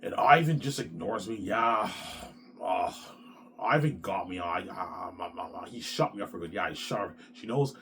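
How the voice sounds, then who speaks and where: A man's voice: low voice, normal speed, a bit bright. A man in his thirties talking in an agitated, repetitive rambling monologue, swearing a lot. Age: 30s. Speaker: vlogger.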